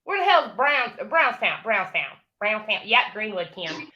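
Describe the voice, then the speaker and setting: Bright, brash woman talking trash. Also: medium pitch, sing-song, measured pace, lo-fi sound. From Indiana, United States. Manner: brash, threatening, sassy trash talk. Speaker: livestream caller. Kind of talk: heated livestream confrontation.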